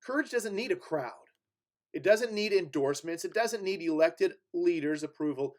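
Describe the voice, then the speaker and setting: High-voiced preacher giving a conversational sermon. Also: male voice, lively intonation, moderate pace. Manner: conversational, stresses key words, fillers and restarts. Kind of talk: sermon with scripture reading. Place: church sanctuary.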